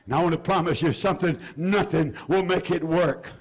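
A man preaching a fervent sermon to his church as pastor, pleading and rising to shouts, with many "uh" fillers. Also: on the high side, brisk, slightly rough.

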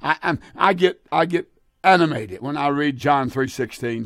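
A man preaching a fervent radio sermon as a call-in host, repeating phrases and slowly drawing out the scripture he reads. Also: fairly high pitch, gravelly, fairly bright tone, dry recording.

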